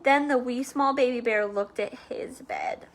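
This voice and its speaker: A woman reading a storybook aloud to children, with playful chatty asides and soft whispers. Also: on the high side, measured pace.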